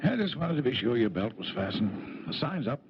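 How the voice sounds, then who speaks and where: A man's voice: medium pitch, big pitch swings, brisk, close to an everyday voice. An actor playing a wry, bantering American brigadier general in his fifties, a doting husband, in a 1970s radio drama. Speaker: lead actor. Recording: lo-fi noisy 1970s radio broadcast.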